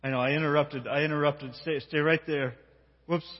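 A man preaching as pastor, telling a story and talking directly to a child and the congregation with animated delivery. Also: on the high side, fairly quick. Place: church sanctuary. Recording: dull sound with long hall reverb.

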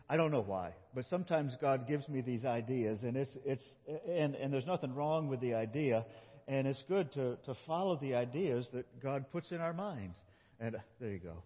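A male pastor giving a playful children's sermon, guiding kids as they act out a scripture story. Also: medium pitch. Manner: playful, animated, talks with children. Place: church sanctuary. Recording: dull recording in a big reverberant church.

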